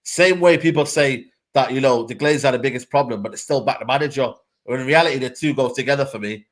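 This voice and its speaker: A man co-hosting a casual football chat on a live stream, excitable and peppering his talk with "man" and "mate". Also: medium pitch, quick pace. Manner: excitable, fills lines with "man", "mate" and "bro". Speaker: co-host, football fan.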